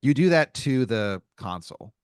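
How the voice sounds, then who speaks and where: A man's voice: mid-range voice, sing-song, normal speed, smooth, no room sound, clean studio sound. A man hosting an improv podcast, narrating a made-up scene in second person with casual fillers. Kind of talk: improvised storytelling, game-master style.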